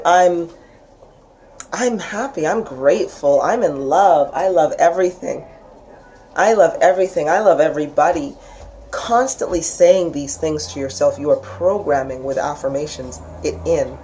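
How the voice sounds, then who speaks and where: A woman talking through a spiritual lesson in a loose, chatty way. She keeps restarting her sentences and slips into animated, higher voices when she quotes people. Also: moderate pace, slight background noise. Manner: chatty, acts out quoted voices with big pitch jumps; frequent restarts and laughs. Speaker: spiritual teacher. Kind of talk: casual spoken lesson.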